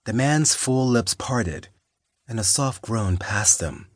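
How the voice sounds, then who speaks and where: A man narrating an audiobook in a steady, measured storytelling manner. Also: mid-range voice, no echo, studio quality. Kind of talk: scripted narration.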